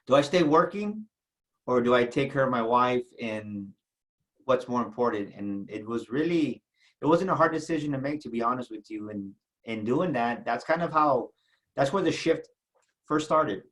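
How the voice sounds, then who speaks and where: A middle-aged man from South Texas, an entrepreneur guest telling a personal story in an interview, halting and repeating words as emotion rises. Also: medium pitch, expressive, fairly bright tone, rough recording.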